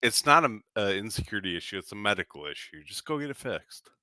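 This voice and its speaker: A man's voice: on the low side, big pitch swings, quick pace, bright, forceful tone, dry recording. A man co-hosting a comedy podcast, joking and pushing back bluntly. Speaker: podcast co-host. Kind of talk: casual comedy chat.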